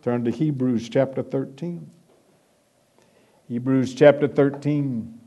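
Slow, emphatic male preacher. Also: mid-range voice, fairly even intonation. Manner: emphatic, swelling and dropping to a hush. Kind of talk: sermon.

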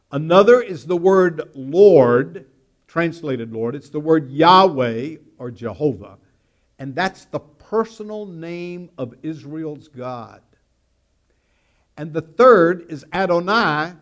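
A male pastor delivers a slow, deliberate sermon in a fairly high voice. He reads scripture aloud and unpacks it word by word, leaning hard on key words and then dropping to quiet asides. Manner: emphatic, swings from loud stress to quiet asides.

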